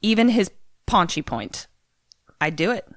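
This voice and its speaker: A woman with a lively, swooping voice fires back quick jokes and reactions while her co-host tells the story. Her voice sounds dry and close to the mic. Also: mid-range voice, dry recording. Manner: wisecracking, reactive interjections. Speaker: podcast co-host listening. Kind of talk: casual chat.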